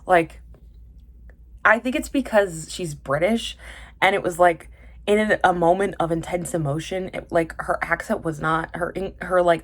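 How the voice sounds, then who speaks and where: A young woman chats on her vlog in a casual, rambling way, drifting into tangents and restarting her sentences. Her voice sits low for a woman. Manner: chatty, tangent-prone, full of fillers and self-corrections. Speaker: vlogger reviewing TV dramas.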